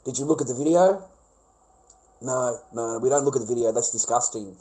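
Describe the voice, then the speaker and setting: A man with an Australian accent holds forth in a sneering, swear-filled rant, mocking the people he complains about. He stretches some words out slowly for weight, and his pitch sits in an ordinary middle register. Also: warm tone, poor audio. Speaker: vlogger. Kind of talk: profane ranting monologue.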